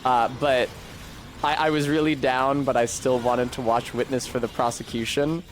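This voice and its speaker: A man's voice: mid-range voice, steady tone, moderate pace, a little hiss or hum. A man streaming a video game, chatting casually in a rambling, profane, self-deprecating way. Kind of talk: casual gameplay commentary.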